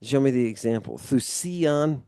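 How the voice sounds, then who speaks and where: Giving a casual one-on-one Ancient Greek lesson, a man explains step by step and regularly checks in with "right?", with loose delivery and mild swearing. His medium-pitched voice is mellow and smooth, a little slow, and recorded dry.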